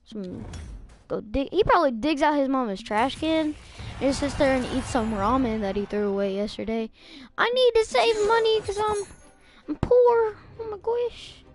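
A woman streaming a video game at home, talking casually and excitably, trash-talking her opponent with frequent loud outbursts. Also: on the high side, a little hiss or hum. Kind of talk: casual live-stream commentary while gaming. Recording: background music over voice. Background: music playing.

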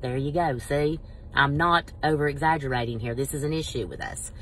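A middle-aged woman telling a story in a casual vlog, animated and exasperated. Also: deep voice, a little fast, slight background noise. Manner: animated, exasperated, quotes people in voices. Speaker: vlogger.

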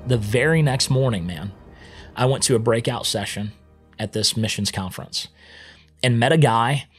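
A man's voice: mid-range voice, moderate pace. A man telling his story over music. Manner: animated storyteller, often acting out his own past words. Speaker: podcast guest. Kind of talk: casual storytelling interview.

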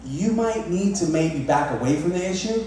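A man in his thirties preaches a sermon, his voice a touch high and full of repeated, restarted phrases. The sound comes from some distance, with heavy echo in a hall and faint background hiss. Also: moderate pace. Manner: repeats words, restarts often, animated. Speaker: pastor. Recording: echoey hall, mic from far off.

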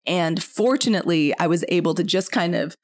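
A woman from Mississippi speaks candidly on a casual chat podcast. She thinks out loud and draws out her phrases, in a voice that sits somewhat low. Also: no echo, studio quality. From Mississippi, USA. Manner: reflective, candid, drawn-out phrasing. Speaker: podcast co-host, parent.

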